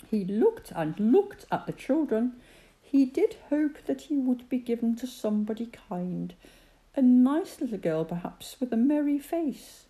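A woman reading a children's story aloud, gentle and expressive. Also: fairly high pitch, a little slow. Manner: gentle, expressive voicing of characters.

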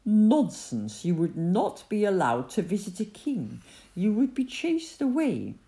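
A proud, sneering camel from a storybook, as a woman puts him on, talking down with loud scorn. The voice climbs high and swings widely, with a gravelly edge and a warm, mellow tone. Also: very animated, a little slow. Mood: haughty. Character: haughty sneering male camel.

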